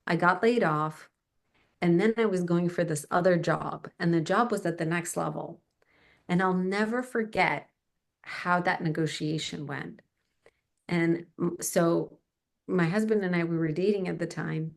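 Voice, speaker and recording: Middle-aged woman, interview guest, animated storyteller, acts out the voices of others. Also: on the low side, unhurried, creaky. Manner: animated, acts out the people in her stories. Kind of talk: personal storytelling in a casual interview.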